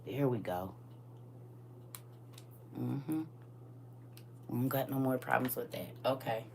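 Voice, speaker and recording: A woman's voice: very deep voice, slow pace, gravelly, a little mellow, far from the mic, a little hiss or hum. A woman talking casually and candidly to her audience on a live stream, addressing viewers directly.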